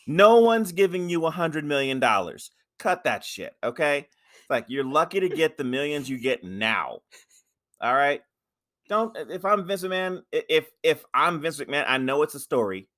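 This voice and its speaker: A man co-hosting a casual podcast, ranting loudly with lots of swearing and restarts. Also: fairly high pitch, sing-song, moderate pace. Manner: ranting, profane, repeats himself. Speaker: podcast co-host. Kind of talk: casual wrestling chat.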